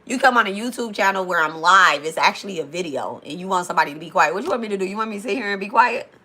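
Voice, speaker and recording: A woman's voice: medium pitch, lively intonation, rapid-fire, pushed and bright. A woman from Detroit with a Detroit accent, talking blunt and profane in a casual live stream as a spiritual reader, reading and answering comments. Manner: reads comments aloud and answers them.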